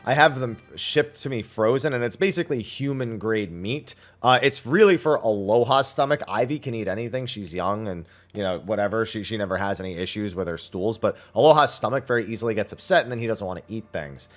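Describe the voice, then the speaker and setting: Blunt streamer man, slightly raspy voice. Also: on the low side, brisk, hardly any pauses. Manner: reads chat questions aloud, then answers bluntly and at length. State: slightly raspy after eating. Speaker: streamer answering viewer questions. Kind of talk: casual livestream Q&A.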